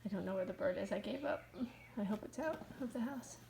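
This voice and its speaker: A woman's voice: mid-range voice, expressive, a little fast, gravelly, noisy background. A young mother filming a casual home video, talking in a panicky, nervous way with swearing and jittery laughter. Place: inside a house.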